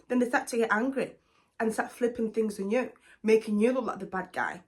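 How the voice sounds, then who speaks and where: A woman's voice: on the high side, brisk, a little mellow. Blunt woman giving dating advice. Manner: blunt, emphatic, calls the listener honey. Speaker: relationship advice vlogger. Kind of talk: direct advice talk to camera.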